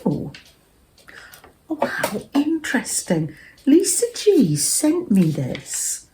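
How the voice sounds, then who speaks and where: Slow, gentle British woman chatting over crafts. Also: high-pitched, wildly swooping pitch, slight background noise. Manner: gentle, rambling, often dropping to a soft murmur. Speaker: craft vlogger. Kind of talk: cozy chatty crafting vlog.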